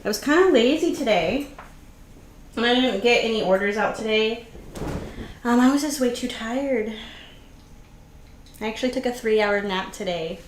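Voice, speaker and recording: A woman's voice: a little high, moderate pace, long pauses, a little hiss or hum. Chatty woman hosting a live stream. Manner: chatty, greets viewers by name, laughs easily. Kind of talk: casual live stream chat. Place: home craft room. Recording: roomy echo.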